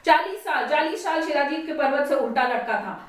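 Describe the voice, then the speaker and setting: A woman's voice: high-pitched, lively intonation, rapid-fire. A woman with an Indian accent voicing a male roadside medicine hawker who rattles off rhyming sales patter. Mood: rapid patter. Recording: echoey room, distant mic.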